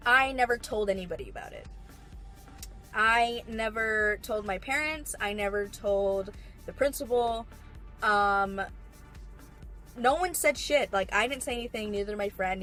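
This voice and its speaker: A woman's voice: a little high, fairly bright tone, rough recording. A young woman telling a storytime vlog, emphatic and swearing as she rants. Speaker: vlogger.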